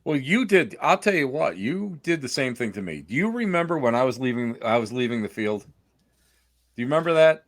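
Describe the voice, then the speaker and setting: Chatty male host with an animated, lively pitch; teasing and quick to laugh, dry close recording. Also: no echo. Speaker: podcast host. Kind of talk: casual chat.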